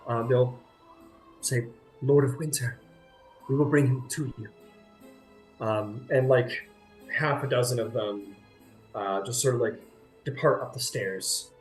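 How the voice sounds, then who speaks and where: Casual game master in an echoey room. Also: male voice, medium pitch. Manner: casual, many fillers. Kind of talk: narrating a tabletop game. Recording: echoey room with faint music.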